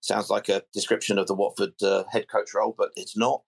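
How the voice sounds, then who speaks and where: Brief: easygoing phone-in host, measured, chatty, keeps callers moving. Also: male voice, on the low side, little pitch movement, creaky, husky. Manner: measured, chatty, calls people sir and mate. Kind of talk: fan phone-in presenting.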